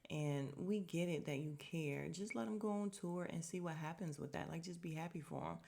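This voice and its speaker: A woman podcast host giving a casual, chatty episode recap, expressive, with slangy asides to listeners and frequent laughs. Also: low-pitched, moderate pace, gravelly.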